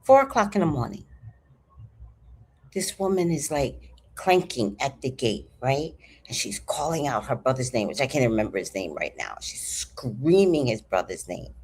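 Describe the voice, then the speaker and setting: A woman in her fifties telling a story to her viewers in an animated, chatty way, swearing freely. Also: very deep voice, moderate pace, slight background noise. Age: 50s. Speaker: vlogger. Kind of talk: casual storytelling to camera.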